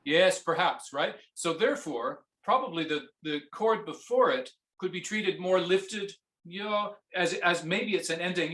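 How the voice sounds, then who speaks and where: A man coaching a viola student in a masterclass, singing phrases on nonsense syllables and asking gentle questions. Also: sits high, a little slow, few pauses, reverberant.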